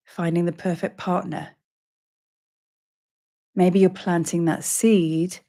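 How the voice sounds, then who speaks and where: A woman teacher and priestess leading a guided meditation in a slow, dramatic storytelling manner. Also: fairly low pitch, warm tone.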